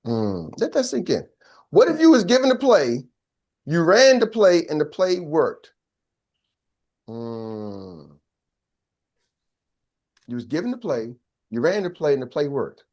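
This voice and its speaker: There's real energy in this older man's live business masterclass coaching: he repeats key phrases and has the audience answer back. He speaks at a moderate pace in a voice on the high side.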